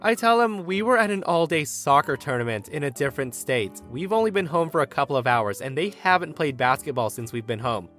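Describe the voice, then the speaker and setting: Animated male storyteller. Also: a little high, fairly quick, few pauses, faint music behind. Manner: wry, animated retelling. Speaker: narrator. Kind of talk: storytelling narration.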